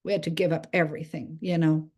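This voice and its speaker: A woman with as her telling a faith story in English, halting and restarting as she acts out the voices of others. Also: low-pitched, flat delivery, darkish tone. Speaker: speaker sharing a testimony. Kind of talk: spoken testimony.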